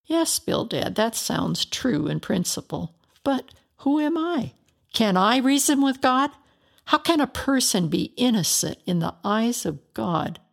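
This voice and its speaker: A woman's voice: a little high, very animated, unhurried, gravelly, pitched above the performer's own voice, full character voice. A woman voicing a grieving, ruined man in a storybook reading, anguished and pleading as he questions God.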